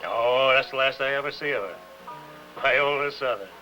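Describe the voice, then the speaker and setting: An actor playing a gruff older doorman at a rehearsal hall, blunt and folksy, in a 1950s television drama. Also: medium pitch, moderate pace, pushed and bright, soft background music, lightly acted. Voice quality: folksy, blunt, ungrammatical talk.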